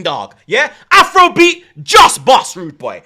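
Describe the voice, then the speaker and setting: A man with a Jamaican accent hosting a stream, ranting loudly and teasingly in slang and patois. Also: extremely high pitch, huge pitch swings, slow pace, hardly any pauses. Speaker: host. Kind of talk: heated livestream rant.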